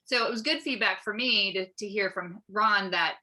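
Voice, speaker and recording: A woman potter chatting casually on a video call, friendly and quick to laugh. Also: medium pitch, bright, forceful tone.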